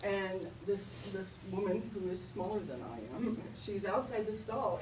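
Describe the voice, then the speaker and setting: A woman's voice: lowish voice, brisk, hardly any pauses, darkish tone, far from the mic. Older woman comic, self-deprecating stand-up storyteller, roomy venue, mic set back, audience noise. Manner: self-deprecating, laughing at own punchlines. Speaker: stand-up comedian. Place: comedy venue with live audience.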